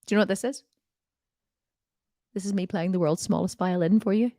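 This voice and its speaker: A woman's voice: medium pitch, a little fast, mellow, no room sound, studio quality. A woman diet coach answering viewer questions in a live Q&A, blunt and direct, often laughing and swearing jokingly.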